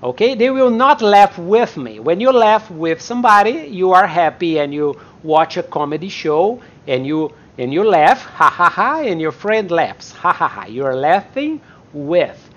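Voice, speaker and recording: A woman whose first language is Portuguese teaches English in a live online class. She speaks slowly, her pitch rising and falling a lot as she repeats sentences and acts them out. The stream audio is dull and lo-fi. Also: sing-song.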